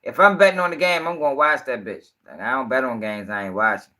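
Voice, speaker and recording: A man's voice: medium pitch, quick pace, bright, forceful tone. A young man giving rambling, profane casual commentary on a livestream.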